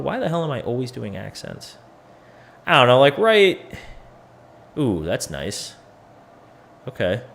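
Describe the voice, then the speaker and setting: A tired man hosts a casual crypto chart-analysis video, thinking out loud as he goes. His speech is loose and salty, with a middle-pitched voice. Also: creaky. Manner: loose, profane, thinking aloud. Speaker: crypto educator and host.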